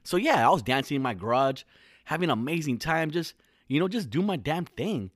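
A man's voice: on the high side, expressive, brisk, no echo, studio quality. A man in his thirties from California, talking alone in a casual, rambling, profane podcast monologue full of slang.

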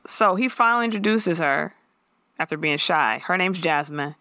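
Brief: woman co-host, low and gravelly, blunt slangy recap, dry close sound. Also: animated, moderate pace, sharp tone, dry recording. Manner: blunt, slangy, laughs often. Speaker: podcast co-host. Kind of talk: casual chat recapping a TV episode.

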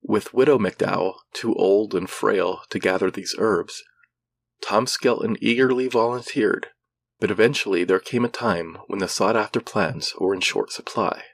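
A man narrating a regional ghost legend in a measured, somber storytelling style. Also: lowish voice, vocal fry, dry recording.

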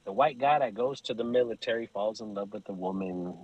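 A man's voice: on the low side, fairly quick, a little mellow, husky, dry recording, highs cut off. A man guesting on a podcast, telling profane, joking stories and acting out the voices of the people in them, laughing often. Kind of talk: casual joking storytelling.

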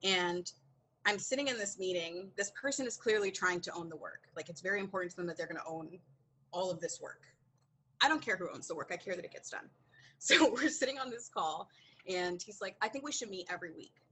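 A woman appears as a podcast guest, telling a candid story in a lowish, slightly rough voice at a fairly quick pace, on a low-quality recording. She is animated, acting out quoted dialogue and laughing often.

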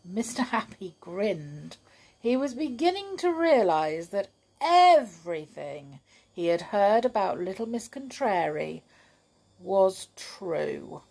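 Slow husky woman storyteller. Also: medium pitch, sing-song. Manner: gentle, playful and chatty with young listeners. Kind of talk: children's story reading.

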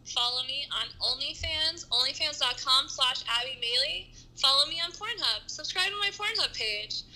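A young woman guesting on a podcast, chatting casually with deadpan teasing jokes and frequent laughter. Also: sits high, moderate pace, rough recording. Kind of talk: casual chat.

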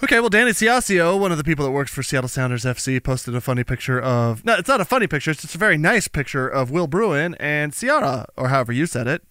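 A man with a bright, forward voice talks in loose, casual podcast chat, his pitch leaping up and down as he jokes around. He sounds recorded close in a dry studio with no room echo. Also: fast talker, hardly any pauses. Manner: animated, jokey, does silly voices in stories. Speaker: podcast co-host.

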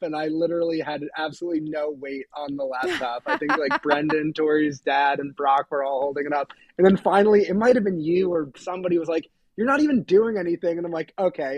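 A man co-hosting a podcast, telling a story in a casual, animated, self-deprecating way. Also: fairly high pitch, dry recording, muffled recording. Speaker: podcast co-host.

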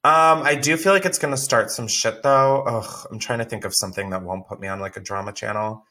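A man hosting a podcast in casual chat, laughing often and telling stories with swearing and animated energy. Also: mid-range voice, fairly quick. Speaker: podcast host.

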